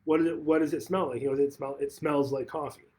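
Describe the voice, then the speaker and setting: This real estate office manager talks quickly in a fairly high, fairly even voice with a darkish tone. He chats casually on a livestream while recounting a conversation, often circling back to repeat or restart what he's saying.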